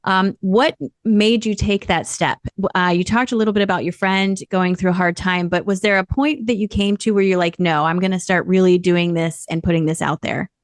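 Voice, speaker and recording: A woman's voice: mid-range voice, steady tone, moderate pace, hardly any pauses, no room sound, clean studio sound. A woman hosting a podcast interview, asking thoughtful questions in an affirming way. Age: adult with children. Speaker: podcast host.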